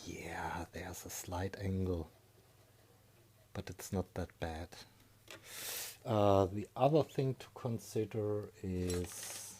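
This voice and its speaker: A man with a deep, low voice talks slowly as he works through a repair at his bench, thinking aloud. He hesitates often and trails off into fillers, and a faint hiss sits under his voice. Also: mellow. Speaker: electronics hobbyist. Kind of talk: workshop voice-over talk.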